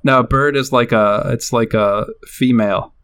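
A man's voice: mid-range voice, fairly even intonation, normal speed, fairly bright tone, smooth. A man co-hosting a casual podcast, hesitant and filling his talk with likes and ums. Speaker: podcast co-host.

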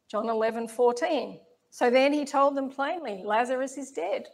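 A woman preaching a sermon, reading scripture in a slow, measured, reflective way. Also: fairly high pitch.

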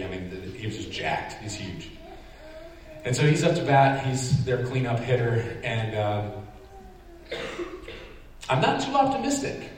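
A man preaching in a big sanctuary, caught from a distance so his voice carries a long, echoey hall reverb. He tells a lively story with self-deprecating humor and plays out his own reactions. A faint hum of room noise sits underneath. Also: on the low side. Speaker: pastor. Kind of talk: sermon storytelling. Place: large church sanctuary.

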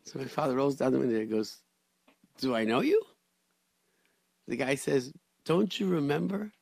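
Gravelly man telling a story. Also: medium pitch, moderate pace, no room sound. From Rochester, New York area. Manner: animated storyteller, many restarts, Hebrew and Yiddish words. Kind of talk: casual storytelling chat.

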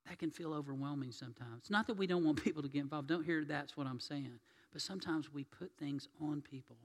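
A man preaching a sermon as pastor, telling stories and swinging between loud and hushed delivery. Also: a little high, quick pace. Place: church sanctuary. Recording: long reverb of a church hall.

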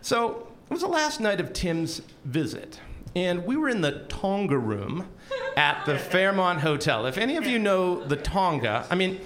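A man telling a personal story on stage in an animated, self-deprecating way with comic timing. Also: high voice, measured pace, crowd noise. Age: young adult.

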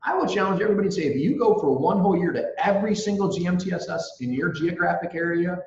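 A man chatting as a guest on a podcast, telling stories in an excitable, emphatic, self-mocking way. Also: high-pitched, quick pace. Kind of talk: animated storytelling chat. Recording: echoey room, dull sound.

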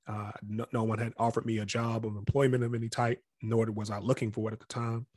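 With a fairly low, level, a little mellow voice and a quick pace, this adult man past college age shares his story as an interview guest. He grew up in the Capitol Heights area near Washington, D.C., and is candid and reflective, often acting out other people's voices. The recording is dry and clean studio sound.

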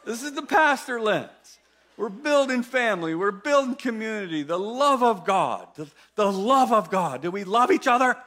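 A man preaching a sermon in a church, animated and playful, with emphatic, sudden loud bursts. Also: high voice, moderate pace. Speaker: guest preacher.

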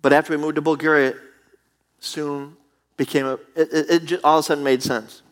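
A man preaching a sermon with animated, emphatic delivery and acted asides, from the United States. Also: fairly high pitch, fairly quick.

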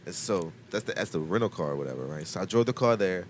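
A young man telling a long story in casual chat, slangy and animated, acting out the people he quotes. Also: deep voice, quick pace, slight background noise. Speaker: podcast guest telling a story.

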